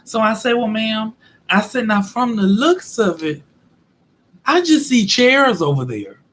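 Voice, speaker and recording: Host, male, high and husky voice, animated and exasperated, plays every part in his story. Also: unhurried. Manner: animated, exasperated, acts out both sides of dialogue. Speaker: show host. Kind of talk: casual storytelling rant.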